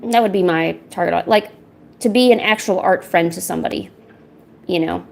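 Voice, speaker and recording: A woman's voice: fairly low pitch, normal speed, gravelly. A woman chatting candidly while she paints at home, rambling a little and swearing casually. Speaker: art streamer.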